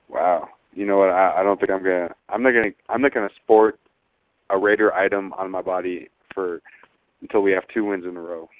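A man's voice: deep voice, no echo. A man calling in to a fan show, frustrated and rambling with restarts, over a phone line. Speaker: caller.

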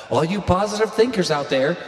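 A man calling in as a fan, speaking in a blunt, mocking way. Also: a little high. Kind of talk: fan call-in rant. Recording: echoey, roomy sound.

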